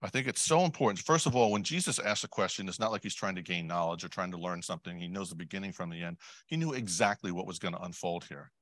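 A man preaching a sermon in a conversational way, putting questions to the congregation, adding asides and clearing his throat often. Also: low-pitched, expressive, fast, a bit bright, no echo. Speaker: lay preacher.

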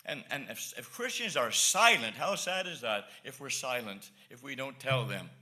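A man preaching a sermon as an evangelist, earnest and repetitive, swinging between soft asides and emphatic lines. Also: mid-range voice, lively intonation, moderate pace.

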